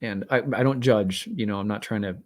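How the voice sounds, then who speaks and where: A man's voice: on the low side, brisk. A man hosting an astrology channel, telling a personal story in a candid, rambling way with many fillers and self-deprecating asides. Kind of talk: casual storytelling monologue.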